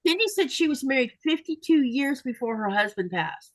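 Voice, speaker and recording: A woman's voice: sits high, lively intonation, normal speed, dry recording, low-quality recording. A woman hosting a casual livestream chat, reading viewer comments aloud and sharing her own feelings.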